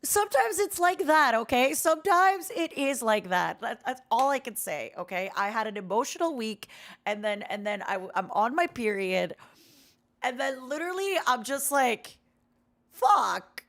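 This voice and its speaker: A woman's voice: fairly high pitch, normal speed. A young woman streamer chatting casually with her viewers, rambling and giggly as she tells stories. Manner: rambling, giggly, excitable storytelling.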